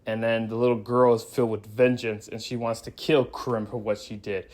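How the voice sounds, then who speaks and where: A man's voice: medium pitch, level tone, moderate pace, darkish tone. A man giving a casual spoiler review of a movie, rambling through the plot with frequent restarts and acting out quoted lines. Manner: laughs and acts out quoted lines.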